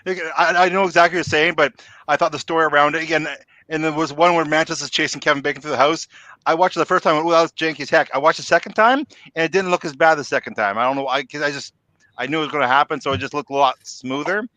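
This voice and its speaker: A man hosting a casual fan podcast discussion, talking in animated bursts and often restarting his sentences. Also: fairly high pitch, fast talker, dry recording. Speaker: podcast host.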